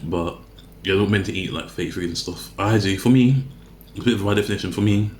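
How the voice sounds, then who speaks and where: Vlogging while he eats, this man rambles in a chatty way and keeps fixing his sentences partway through. His voice is low, a little fast, and a little mellow, recorded in an echoey room with a slight hiss or hum.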